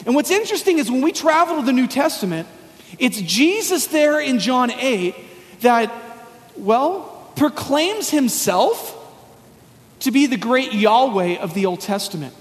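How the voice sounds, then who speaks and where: A man's voice: extremely high pitch, big pitch swings, unhurried. Male pastor, sermon, laid-back storytelling, slangy, long hall echo. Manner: storytelling, casual and folksy with slang.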